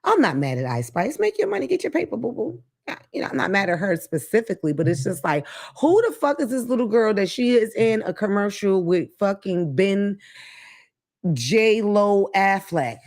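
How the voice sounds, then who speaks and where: A woman's voice: medium pitch, moderate pace. A woman hosting her own talk show, ranting casually with blunt, profane commentary. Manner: blunt, profane, animated rants. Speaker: podcast host.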